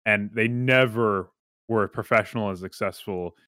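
A man's voice: on the low side, moderate pace, pushed and bright, no echo, studio quality. A man chatting casually in a group podcast, giggly and trailing off mid-sentence.

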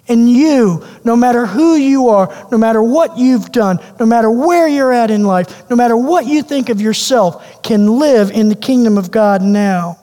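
A man preaching a sermon as pastor, animated and questioning, repeating phrases for emphasis. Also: very high voice, moderate pace, few pauses. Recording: long hall reverb.

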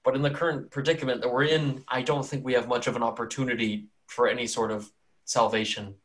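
A man's voice: medium pitch, little pitch movement, fast talker, fairly bright tone, close to an everyday voice. A man playing a weary, grave village priest.

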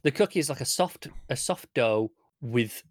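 A man with an ordinary mid-range voice co-hosts a casual podcast, measured and thoughtful, often agreeing before he adds his own view. The recording is close and dry. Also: medium pitch, animated, no echo. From United Kingdom. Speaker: podcast co-host. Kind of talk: casual chat.

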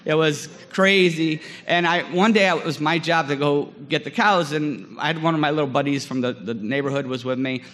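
Lively storytelling preacher in his forties. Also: a little high, normal speed, few pauses, long reverb tail. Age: 40s. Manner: animated storyteller, acts out scenes, many fillers. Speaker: guest chapel speaker. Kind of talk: storytelling sermon.

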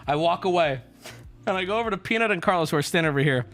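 A man's voice: high voice, animated, rapid-fire, fairly bright tone, faint music behind. A man streaming, telling a story to his chat in an indignant, profane rant. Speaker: livestreamer.

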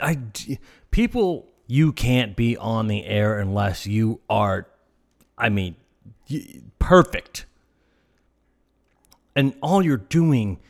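A man delivering a sarcastic, exasperated comedic rant. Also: medium pitch. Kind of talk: ranting comedic monologue.

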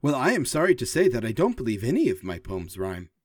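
A man's voice: mid-range voice, huge pitch swings, fast, no echo, clean studio sound. A man playing a formal, literal-minded construct who writes poetry, speaking in a polite, precise way. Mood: earnest. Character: earnest, formal robot-like construct poet.

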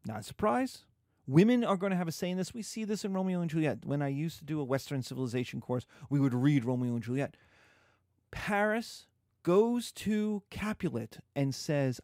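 A male history teacher lecturing in a loose, conversational way, with a voice that leaps up and down in pitch. He sits on the higher side for a man, and the recording is close and dry. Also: normal speed, no echo. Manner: animated, conversational, acts out scenes. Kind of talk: classroom lecture.

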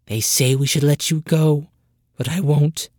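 A narrator voicing a young woman, a worried and loving sister who speaks with a rasping, tearful voice. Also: medium pitch, steady tone, measured pace, a little mellow, no echo, clean studio sound, lightly acted. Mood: tender. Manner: pleading, tearful.

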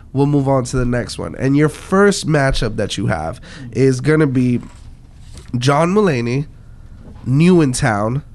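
A man hosting a podcast, chatting casually with his guests and swearing now and then. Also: medium pitch. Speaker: podcast host. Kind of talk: casual interview chat.

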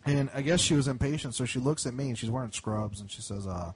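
A man on a comedy podcast telling a rambling story, acting out baffled dialogue with animated outbursts. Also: mid-range voice, quick pace, slightly rough. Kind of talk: casual storytelling chat.

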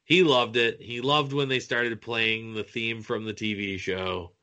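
A man co-hosting a casual movie chat, taking his time and dragging out a mocking build-up. He talks very slowly in a lowish voice. The tone is bright and forceful. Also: fairly even intonation. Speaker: podcast co-host.

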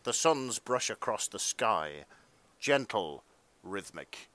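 A man narrates a comic fanfiction aloud with a lowish voice that swings widely in pitch. His reading is grandly mock-dramatic, delivered like a deadpan storyteller. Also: takes it slowly. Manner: mock-dramatic, breaks into laughter.

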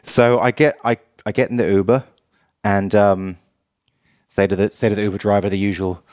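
A man's voice: fairly low pitch, little pitch movement, moderate pace, darkish tone, dry recording, clean studio sound. A man from England, his English accent faded, co-hosting a podcast and telling a rambling story with restarts. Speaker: podcast co-host. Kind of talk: casual chat.

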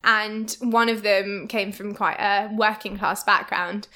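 Bright, giggly woman chatting. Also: medium pitch, fairly even intonation, slow. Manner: giggly, laughs often. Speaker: guest. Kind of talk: casual chat.

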